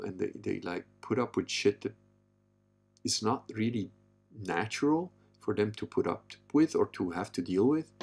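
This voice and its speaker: A man in his fifties hosting a casual monologue, blunt and profane, with a gravelly voice. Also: a little mellow. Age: 50s. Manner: blunt and profane, mimics others in a high falsetto. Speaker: podcast host. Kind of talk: casual live-stream monologue.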